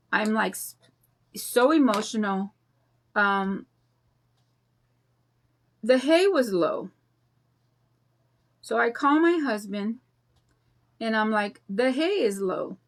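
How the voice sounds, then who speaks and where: Fifties woman craft vlogger, confiding, chatty, a bit high-pitched. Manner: rambling, confiding, emotional storytelling. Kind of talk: casual chat while painting.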